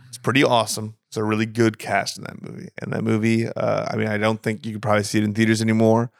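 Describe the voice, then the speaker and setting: A man's voice: lowish voice, completely flat delivery, fast talker, vocal fry, no echo, clean studio sound. A young man co-hosting a casual film podcast, rambling with restarts and laughing often. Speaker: podcast co-host. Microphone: studio microphone.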